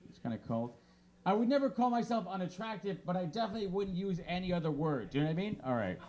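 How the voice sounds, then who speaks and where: A man in his thirties doing a stand-up comedy set of deadpan one-liners on a small bar stage, through a handheld mic. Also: high voice, fast talker.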